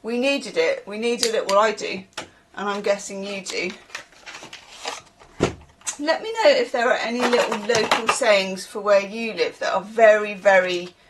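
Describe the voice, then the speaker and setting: A woman's voice: medium pitch, noisy background. A woman from the UK, a tarot reader who chats in a rambling way, with laughing asides. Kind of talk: casual chatty reading.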